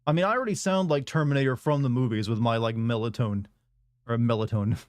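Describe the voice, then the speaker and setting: A young man chatting casually while he streams a game, in a flat, monotone delivery that rambles and restarts. His voice sits in a middle pitch and sounds dry and close, with no room around it. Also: fast, clean tone, dry recording.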